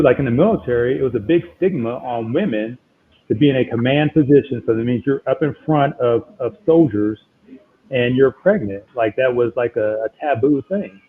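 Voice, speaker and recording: A man telling a story in a lively, emphatic way, often repeating himself. His voice sits at an ordinary pitch for a man. He sounds thin and narrow, like a phone line. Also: slight background noise. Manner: animated, emphatic, retells exchanges with repeated "I'm like". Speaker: guest. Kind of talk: conversational storytelling.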